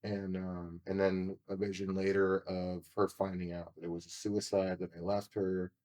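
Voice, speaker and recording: A man's voice: low voice, completely flat delivery, normal speed, a little mellow. A man from California telling his story as a podcast guest, candid, emotional and profane, acting out what people said to him. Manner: emotional and confessional.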